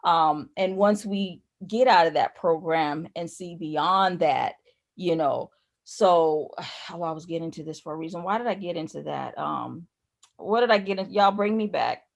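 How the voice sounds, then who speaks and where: A woman's voice: on the low side, normal speed, creaky. A woman talks through spiritual ideas at length. She rambles and repeats herself, circling back when she loses her thread. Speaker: spiritual teacher, guest. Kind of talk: conversational spiritual teaching.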